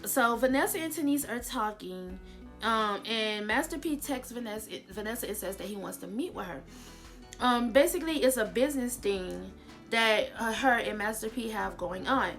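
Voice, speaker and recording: A woman's voice: on the high side, animated, moderate pace, a bit bright, soft background music. A woman casually recapping a reality show episode, chatty and opinionated, with exasperated asides.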